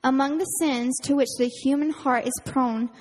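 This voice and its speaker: A woman camp counselor, giving a casual, earnest youth sermon full of fillers and quick laughs. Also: sits high, fairly even intonation, darkish tone. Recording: reverberant hall.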